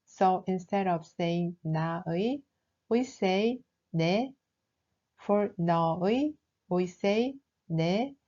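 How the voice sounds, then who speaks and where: Mellow-voiced woman teaching a language lesson. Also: on the low side, animated, highs cut off. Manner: slow, careful explaining with example words. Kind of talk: scripted lesson narration.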